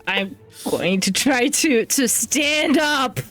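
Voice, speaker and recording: A woman playing a tabletop game who swears and laughs freely and gets excitable, with faint music behind. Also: high voice, takes it slowly. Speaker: player. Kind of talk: casual tabletop play.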